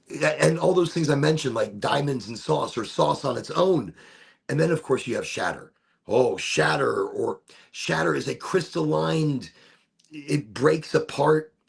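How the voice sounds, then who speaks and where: A man with a gravelly, husky voice talks in a loose, rambling way and often doubles back on his words. He hosts an easygoing smoke session as a casual chat. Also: mid-range voice. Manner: rambling, relaxed, repeats words. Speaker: host of a cannabis smoke session.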